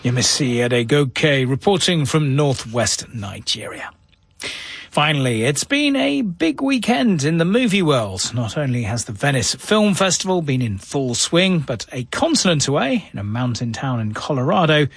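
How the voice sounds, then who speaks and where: Lively male news presenter, dry sound. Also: medium pitch, normal speed, gravelly, breathy edge, no room sound.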